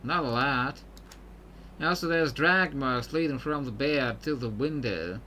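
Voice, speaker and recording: A man's voice: mid-range voice, unhurried, pushed and bright, a little hiss or hum. A man voicing a confident woman pirate captain with a put-on Southern belle accent, reading game dialogue aloud with determination. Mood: determined.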